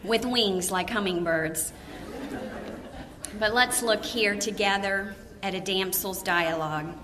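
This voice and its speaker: A woman giving an animated storytelling talk to a women's gathering, laughing often and acting out the people in her story. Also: mid-range voice, takes it slowly, background noise. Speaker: women's ministry speaker. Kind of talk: storytelling sermon to a live audience.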